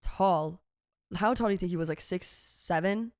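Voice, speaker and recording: A young woman in her twenties co-hosting a podcast, telling a story in a playful, animated way and acting out quotes. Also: lowish voice, moderate pace, no room sound, clean studio sound. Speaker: podcast co-host. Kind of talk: casual storytelling chat.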